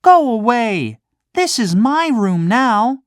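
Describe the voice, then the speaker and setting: A woman's voice: mid-range voice, sing-song, takes it slowly, clean tone, no echo, clean studio sound, pitched above the performer's own voice. A woman voicing a naughty wooden boy puppet who talks rudely and defiantly. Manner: shouting, rude and defiant.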